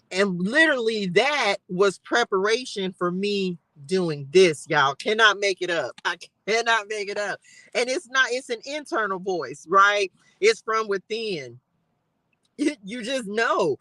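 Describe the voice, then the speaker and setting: A woman's voice: medium pitch, fairly bright tone, no room sound, rough recording. A woman hosting a live stream from her car, giving fervent, repetitive faith encouragement with bursts of laughter. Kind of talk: casual spiritual encouragement talk. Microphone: live-stream device mic.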